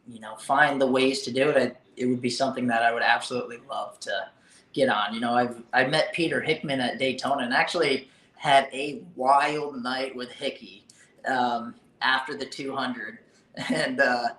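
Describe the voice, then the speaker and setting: A man's voice: mid-range voice, a bit bright. Easygoing man in an echoey room. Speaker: podcast guest. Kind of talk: casual chat.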